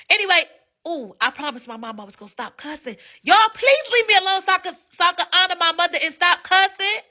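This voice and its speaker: Woman livestream host, very high, sharp-toned, brash and cussing, phone mic. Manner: brash, hypes viewers for gifts, frequent cussing. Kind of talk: casual livestream chat.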